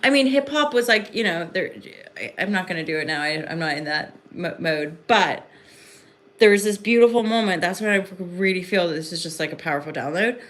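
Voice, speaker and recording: A woman's voice: fairly low pitch, expressive, a little fast, fairly bright tone. A woman hosting a casual livestream into her phone at home in the evening, rambling and effusive, with lots of fillers. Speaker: livestream host and spiritual reader.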